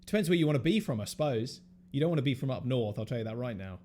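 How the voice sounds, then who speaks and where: A man with a Southern English accent, talking at a middling pitch in a loose, joking podcast chat. He swears freely and keeps things laid-back. A faint hiss of noise sits under his voice. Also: expressive, very fast, dark tone. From England. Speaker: podcast host. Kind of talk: casual chat.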